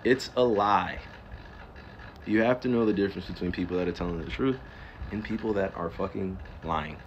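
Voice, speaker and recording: A man's voice: low-pitched, normal speed, dull audio, slight background noise. A man from New Jersey ranting on a livestream, firing off rhetorical questions and cursing for emphasis. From Newark, New Jersey. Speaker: livestreamer and pro athlete. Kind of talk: casual livestream rant.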